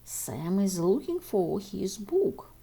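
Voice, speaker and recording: With a dark, husky voice and lively pitch, a woman teacher speaks slowly to children. She teaches English, is a native Russian speaker, and reads exercises aloud while talking straight to her pupils in a recorded homework session.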